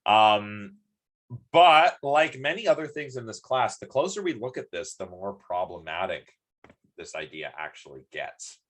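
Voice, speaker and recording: A man's voice: fairly low pitch, big pitch swings, unhurried, fairly bright tone. Chatty, rambling male lecturer. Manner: chatty, rambling, many ums and restarts, sleepy yawns. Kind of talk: live-streamed university lecture.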